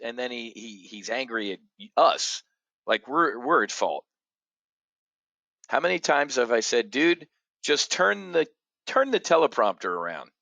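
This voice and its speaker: A man hosting an opinionated market commentary show, blunt and combative, jumping from loud outbursts to low muttering. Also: dry recording. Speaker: options trading show host.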